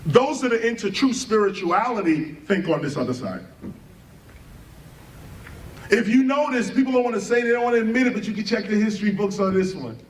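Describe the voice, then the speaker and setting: This man's high-pitched voice moves a little fast as he lectures fervently on a live stream, peppering his talk with rhetorical questions and letter-by-letter spellings. Animated, he often laughs partway through sentences. The mic is distant and the room echoes.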